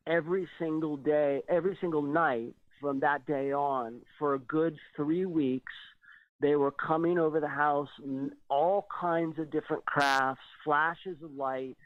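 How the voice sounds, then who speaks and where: A man guest on a radio show, telling a personal story in an animated, slightly nervous way and acting out what people said. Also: fairly high pitch, a little slow, no echo. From California. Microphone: phone. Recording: tinny phone line, dry.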